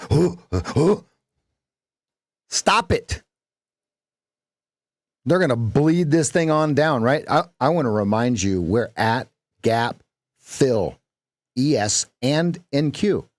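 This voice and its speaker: A man's voice: lowish voice, darkish tone, dry recording. A man hosting a live trading stream, talking in a casual, playful, jokey way with lots of emphasis.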